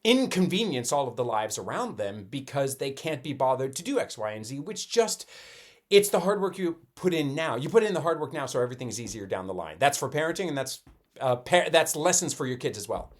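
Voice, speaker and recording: A middle-aged man co-hosting a casual podcast and recounting family moments. His pitch sits mid but moves a great deal, rising and falling as he tells a story. He acts out bits of conversation as he goes. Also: fairly quick. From Colorado. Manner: animated storytelling, with quoted dialogue. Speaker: podcast co-host. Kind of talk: casual chat.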